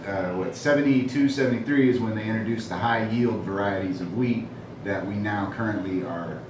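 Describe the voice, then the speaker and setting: Low-voiced Texan man, off-mic. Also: fairly quick. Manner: animated ranting, says man a lot. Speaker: panelist. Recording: distant echoey mic with rumble.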